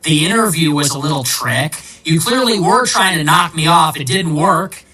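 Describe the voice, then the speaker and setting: A man's voice: a little high, animated, normal speed, bright, forceful tone, recorded from a distance, rough recording. A man, a political commentator, delivering a combative, sarcastic ranting monologue.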